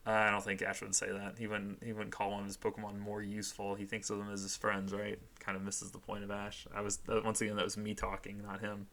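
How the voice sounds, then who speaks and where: A man's voice: lowish voice, level tone, quick pace, vocal fry, few pauses, a bit bright. A young man hosting a comic read-through of his old fan fiction, self-mocking and sarcastic, at home. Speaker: channel host.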